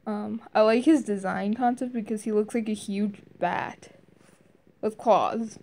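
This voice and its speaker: A woman talks through a video game review at an unhurried pace, her voice mellow and soft-edged. She hesitates often, filling gaps and restarting her sentences as she goes. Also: steady tone. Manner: hesitant, many fillers and restarts; briefly mimics game character lines in higher voices. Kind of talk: casual spoken game review.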